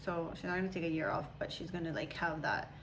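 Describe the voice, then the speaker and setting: A woman in her thirties, a mother chatting casually with her daughter, talking in long, animated, meandering stretches. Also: low-pitched, quick pace, background noise. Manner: chatty, animated storytelling with imitations. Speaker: mother, channel host. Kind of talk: casual chat.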